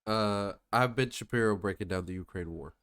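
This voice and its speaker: A man with a fairly low voice talks casually with his friends, rambling a bit as he sets up the next clip. His delivery is relaxed and unpolished. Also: fairly quick, smooth. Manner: loose, rambling, with fillers and restarts. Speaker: podcast co-host. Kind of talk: casual chat.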